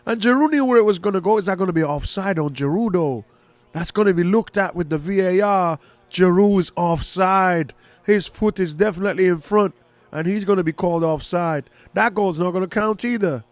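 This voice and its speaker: A fairly high-pitched man calls a football match live like a fan, chatty and quick to get excited over each attack. His voice sits close and dry, with no room sound around it. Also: no echo. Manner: casual, excitable, rooting for one side. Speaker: fan commentator. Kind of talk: live match commentary and reaction.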